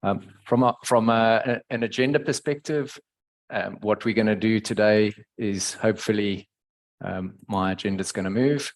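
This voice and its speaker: A man with a South African accent hosting a webinar over a video call, with a hesitant, pausing delivery. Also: on the low side, steady tone. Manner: hesitant, many pauses. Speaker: webinar host. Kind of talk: webinar moderation.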